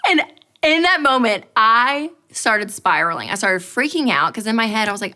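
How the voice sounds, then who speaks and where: A woman giving a personal finance talk, telling a lively story with animated expression and frequent laughter. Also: fairly high pitch, normal speed.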